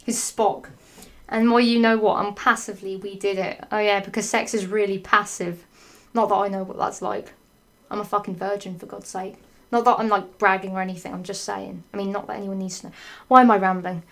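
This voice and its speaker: A woman's voice: medium pitch, flat delivery, a little fast, a bit bright. A woman doing a comic read-through of a fan fiction, breaking off into sarcastic, swear-filled asides. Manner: sarcastic, swears freely, laughs often.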